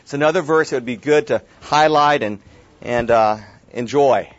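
A man leading a Bible study speaks casually at a moderate pace and medium pitch. He repeats words as he restarts and tosses casual asides to the group. The room recording is dull and lo-fi.

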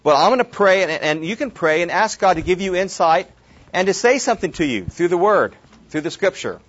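Teaching a Bible study, this man keeps things loose, doubling back to repeat words when he restarts and making casual side remarks to the class. His voice is high-pitched and expressive, fairly fast, with a fairly bright tone. It was captured as a dull lo-fi recording in a room.

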